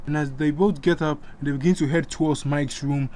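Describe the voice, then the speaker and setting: A man's voice: on the high side, fairly even intonation, a little fast, a little mellow. A man casually retelling a comic story, with chatty asides to the listener. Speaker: narrator.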